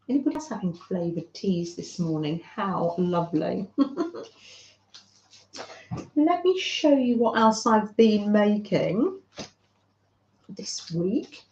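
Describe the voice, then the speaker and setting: A woman hosting a craft channel, chatting gently and fondly with viewers on a livestream. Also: mid-range voice, big pitch swings, slow, pauses often, roomy sound, highs cut off. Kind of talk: casual livestream chat with viewers.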